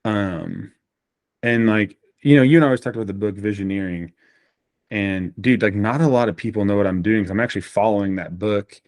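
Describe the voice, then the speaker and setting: A man in a casual podcast conversation, a guest telling animated stories with frequent fillers. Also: on the low side, brisk, no room sound, clean studio sound.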